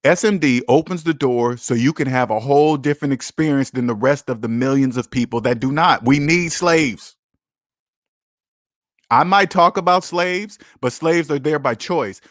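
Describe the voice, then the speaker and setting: A man's voice: a little high, moderate pace, dry recording, studio quality. A man hosting a casual livestream, talking bluntly and emphatically, with profanity and lots of repetition. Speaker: livestream host.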